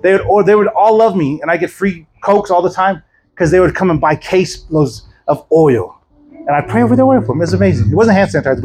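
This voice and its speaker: A man preaching as an evangelist, telling healing stories with laughter and quick acted asides. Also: on the high side, a little mellow, poor audio. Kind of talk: preaching a testimony sermon.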